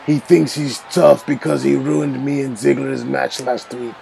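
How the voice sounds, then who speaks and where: A man's voice: medium pitch, level tone, a little slow, gravelly, dark tone, slight background noise, low-quality recording. A man voicing an arrogant male wrestler who mocks and taunts his rival in a game role-play. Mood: taunting. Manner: mocking, taunting.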